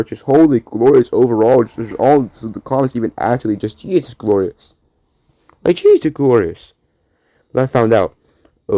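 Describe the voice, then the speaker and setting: A man's voice: medium pitch, dark tone, dry recording. A man hosting his own show, talking alone in a casual, rambling way, repeating words and trailing off into mumbled asides. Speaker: podcast host. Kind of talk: casual solo monologue.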